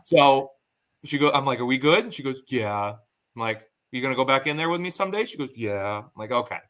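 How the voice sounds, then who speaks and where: A man's voice: medium pitch, a little fast. A man in his thirties hosting a casual podcast, telling stories and acting out the voices of the people in them. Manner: animated storyteller acting out quotes. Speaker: podcast host.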